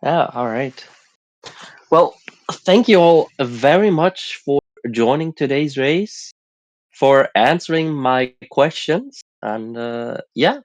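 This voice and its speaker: A man hosting a casual stream chat while sick, relaxed and halting with many fillers. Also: mid-range voice, dry recording. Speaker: host.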